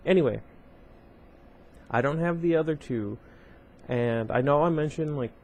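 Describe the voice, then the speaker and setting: A man's voice: a little high, unhurried, darkish tone, a little hiss or hum. A man casually reading a novel aloud at home, breaking off often for rambling side comments full of fillers. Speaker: reader of a book series.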